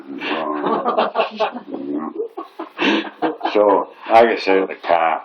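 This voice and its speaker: A man's voice: very deep voice, lively intonation, slow pace, pauses often, highs cut off. A middle-aged man telling a funny story, laughing often and swearing. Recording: echoey room, faint noise.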